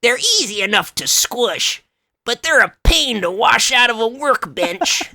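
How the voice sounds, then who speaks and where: A man putting on the voice of a cheeky little goblin tinkerer, reading slowly and deliberately. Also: very high-pitched, very animated, sharp tone, no echo, pitched above the performer's own voice, exaggerated voice. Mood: gleeful.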